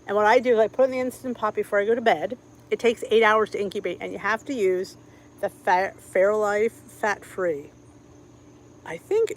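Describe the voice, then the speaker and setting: A woman's voice: medium pitch, low-quality recording. Woman, Philadelphia accent, middle-aged, chatty live-stream host, faint room hum. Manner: chatty, greets viewers by name, many fillers. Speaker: cooking channel host. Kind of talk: casual live-stream chat.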